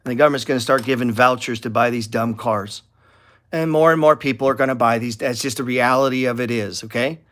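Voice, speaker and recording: A man's voice: medium pitch, brisk, fairly bright tone. A middle-aged man hosting a casual stock trading talk to viewers, blunt and profane, rambling and getting heated. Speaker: stock trading channel host.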